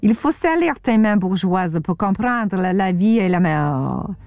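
A woman's voice: mid-range voice, expressive, normal speed, no room sound, lo-fi sound, close to an everyday voice. A woman voicing a brash, bossy woman cook, scolding in a raised voice.

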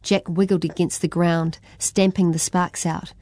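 Brief: New female storyteller, steady expressive narration, mellow tone. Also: lowish voice, a little slow, dry recording. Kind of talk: children's story reading.

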